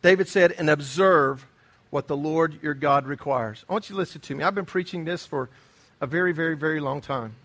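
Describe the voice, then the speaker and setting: A man's voice: on the high side, fairly quick, fairly bright tone. A middle-aged man preaching a sermon, earnest and emphatic, often repeating his key phrases. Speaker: pastor.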